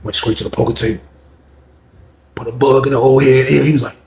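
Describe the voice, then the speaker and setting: A man's voice: medium pitch, brisk, echoey room, slight background noise. A man casually telling a long story and acting out the people and sounds in it. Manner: animated, acts out the people and sounds in his story.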